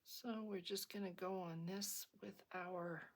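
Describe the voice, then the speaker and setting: A middle-aged woman talks through a craft project in a relaxed, rambling tutorial style, often stopping on an um or starting a sentence over. She speaks at an unhurried, slow pace, and her voice sits a little low for a woman. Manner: chatty and rambling, with frequent ums and restarts. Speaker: crafting video host.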